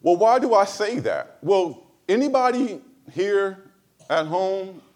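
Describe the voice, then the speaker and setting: A male pastor delivering a sermon in a high, very lively voice. He leans hard on key words, then drops low and quiet for asides. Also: takes it slowly. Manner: emphatic, swings between loud high stresses and low quiet asides.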